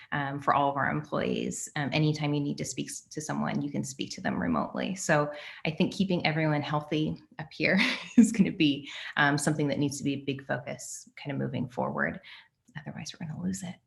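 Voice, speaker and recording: Low, gravelly-voiced woman panelist. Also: a bit bright. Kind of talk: webinar panel discussion.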